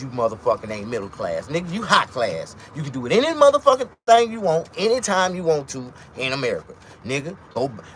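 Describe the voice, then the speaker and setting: A man's voice: medium pitch, slight background noise. A man delivering a blunt, profane, casual monologue rant as a vlogger, telling stories along the way.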